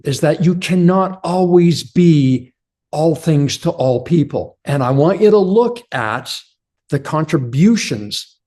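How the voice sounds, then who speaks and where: Male coach, slightly raised pitch, earnest motivational talk aimed at men. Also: dark tone. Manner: earnest, addresses listeners as brothers. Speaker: men's relationship coach.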